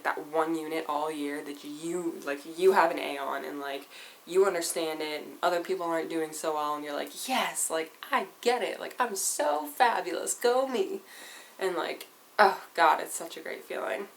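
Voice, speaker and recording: A woman's voice: sits low, vocal fry, slight background noise, rough recording. A teenage girl vlogging in a casual, rambling way, saying "like" all the time. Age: teens. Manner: chatty, rambling, says "like" constantly. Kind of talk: casual chat to camera.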